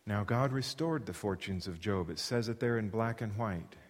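A man's voice: lowish voice, moderate pace. A man preaching a sermon in an earnest, emphatic way, sometimes restarting his phrases. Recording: long hall reverb.

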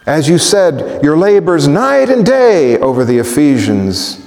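A man preaching in a church sanctuary, his voice pitched a little high and trailing into a long hall reverb. He presses one rhetorical question after another. His delivery climbs to ringing emphasis, then sinks to near-hushed softness. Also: very animated, measured pace. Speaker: pastor. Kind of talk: sermon.

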